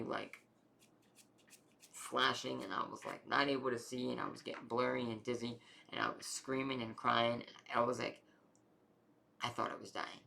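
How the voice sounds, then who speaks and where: Gravelly, bright-voiced man telling a story. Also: mid-range voice. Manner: rambling, animated retelling with many fillers. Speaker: vlogger telling his health story. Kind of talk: casual storytelling monologue.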